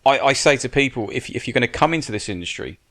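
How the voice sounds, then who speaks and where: His mid-range voice is animated, quick and a bit bright. As a guest on a podcast, this stunt coordinator and military adviser gives blunt, casual advice, cursing and frequently starting sentences over.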